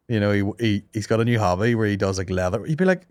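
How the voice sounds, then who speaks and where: A man's voice: fairly low pitch, expressive, quick pace, no echo, studio quality. A man hosting a comedy podcast, telling stories in casual, sweary banter and slipping into mock voices. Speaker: podcast host.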